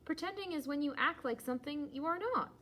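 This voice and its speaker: Cheerful reassuring storybook pig, voiced by a woman; bright high voice. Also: fast talker, a little hiss or hum. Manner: calm, patient, reassuring. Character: cheerful playful female pig. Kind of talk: children's storybook read-aloud.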